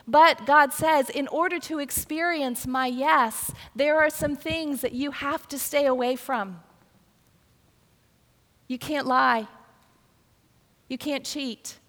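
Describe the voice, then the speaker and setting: A woman's voice: high-pitched, takes it slowly, pauses often, fairly bright tone. An older woman preaching a sermon, telling a personal story and often repeating words as she restarts. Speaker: pastor. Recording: long reverb of a hall.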